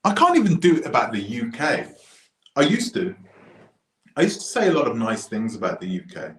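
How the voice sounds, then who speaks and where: A man from the United Kingdom giving a casual opinion monologue, animated and full of restarts and asides. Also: mid-range voice, a little fast. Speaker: commentator. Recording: roomy echo.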